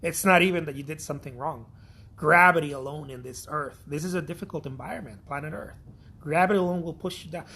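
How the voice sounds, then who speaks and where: A man's voice: a little high, quick pace, bright, forceful tone, breathy edge. A man from Mexico, an artist giving a blunt, profane, repetitive pep talk in a casual vlog.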